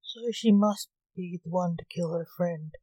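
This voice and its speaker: A woman's voice: fairly low pitch, a little slow, mellow, no echo. A woman reading a weary young necromancer. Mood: matter-of-fact. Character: weary young male necromancer, reaper's son.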